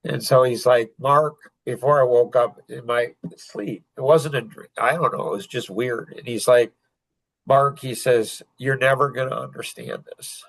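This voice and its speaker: An older man telling a painful personal story as a podcast guest, halting and full of restarts. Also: medium pitch, vocal fry, no room sound, low-quality recording. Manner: halting, emotional retelling with many restarts.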